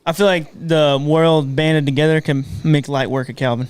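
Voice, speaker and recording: A man's voice: a little high, steady tone, normal speed, clear, resonant tone. A man co-hosting a casual movie review podcast, laid-back and joking with his friends. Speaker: podcast co-host.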